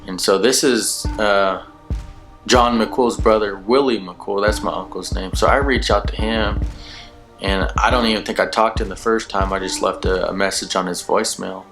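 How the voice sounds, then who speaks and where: A man's voice: lowish voice, steady tone, moderate pace. A man hosting his own channel, telling his personal testimony in a rambling, laid-back way, full of "you know" fillers. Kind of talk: casual personal testimony storytelling. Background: background music.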